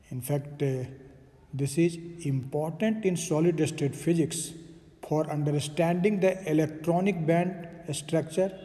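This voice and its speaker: A male physics lecturer works through his material slowly and patiently in a recorded lecture, filling sentences with "uh" and checking in with "okay." His voice is fairly high for a man yet dark and mellow, and the room adds a long, lingering reverb.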